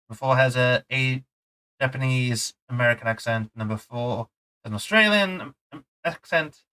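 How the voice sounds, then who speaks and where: A man's voice: mid-range voice, bright, forceful tone, low-quality recording. A man streaming a video game and chatting casually to viewers, rambling and poking fun at himself. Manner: chatty, self-mocking, rambling asides. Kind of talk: casual gameplay commentary. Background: faint game music.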